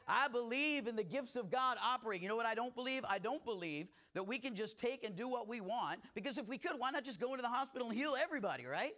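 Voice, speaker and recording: High-voiced man preaching a sermon. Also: sharp tone. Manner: conversational preaching with asides and rising emphasis. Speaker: pastor.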